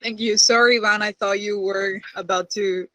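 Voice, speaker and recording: Bright-voiced woman asking politely in class. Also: mid-range voice, steady tone, moderate pace, no echo, poor audio. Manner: polite, hesitant, apologizes and restarts. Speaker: student. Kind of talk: asking a question in an online class.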